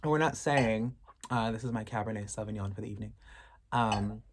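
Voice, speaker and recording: A woman's voice: extremely low pitch, a little fast, a little hiss or hum. Sassy outspoken woman in her thirties. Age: 30s. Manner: candid, sassy, expressive, swears freely. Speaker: vlogger answering fan questions. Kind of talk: casual chat to camera.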